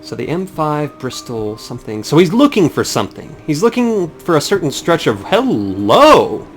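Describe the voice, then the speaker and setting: A man's voice: a little high, very animated, moderate pace, soft background music. A young man giving rambling, sarcastic, profane commentary while playing a game. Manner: rambling, sarcastic, swears a lot. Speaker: let's play commentator. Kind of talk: casual gameplay commentary.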